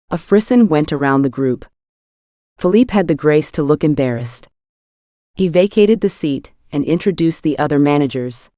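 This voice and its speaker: Lady reading a novel aloud, low pitch, steady, dead dry sound. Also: no echo. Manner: even, measured storytelling. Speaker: audiobook narrator. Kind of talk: scripted narration.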